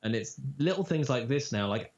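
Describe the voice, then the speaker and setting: A man who works as a voice actor, talking casually in an interview and telling animated stories, with quick demo voices. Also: mid-range voice. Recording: dull lo-fi audio.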